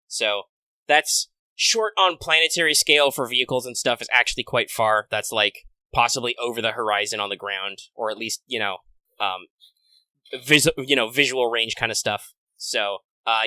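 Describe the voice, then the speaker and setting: A man's voice: medium pitch, normal speed, pushed and bright, clear, resonant tone, dry recording, low-quality recording. A man narrating a tabletop game as game master, rambling with many fillers and restarts.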